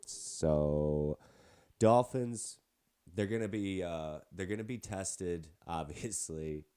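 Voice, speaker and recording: A man with a heavy cold talks sports on his own show, his voice stuffed-up and nasal. It sits very low and mellow as he rambles on with side remarks about his teams. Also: slow pace, clear, resonant tone. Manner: chatty, rambling with asides. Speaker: podcast host. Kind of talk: casual sports podcast talk.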